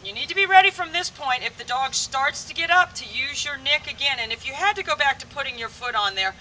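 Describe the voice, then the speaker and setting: A woman dog trainer walks viewers through an outdoor training lesson, explaining each step plainly. Her voice is very bright, and it is picked up from a distance with a faint hiss in the background. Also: high voice, animated, fairly quick. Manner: explains steps plainly, addresses viewers directly. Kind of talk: instructional training demo. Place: outdoors on a rural training field.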